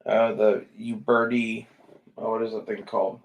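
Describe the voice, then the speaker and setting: A man's voice: lowish voice, flat delivery, moderate pace, creaky, highs cut off. A man giving casual, rambling commentary on gun listings, laid-back and sleepy, swearing often and trailing off with fillers. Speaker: gun vlogger browsing listings.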